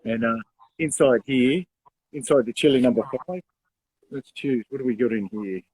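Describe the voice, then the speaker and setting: A young man co-hosting a casual live show, chatty and quick to laugh, calling his partner mate. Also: medium pitch, darkish tone, slightly rough, dry recording, low-quality recording. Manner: chatty, laughs often, says mate a lot. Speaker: co-host.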